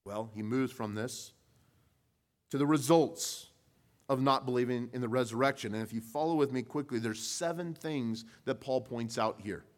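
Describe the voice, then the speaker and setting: A male pastor preaching a sermon, pushing his voice up for emphasis with rhetorical questions, then dropping low and quiet. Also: moderate pace. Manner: rises in pitch and volume for emphasis, then drops low.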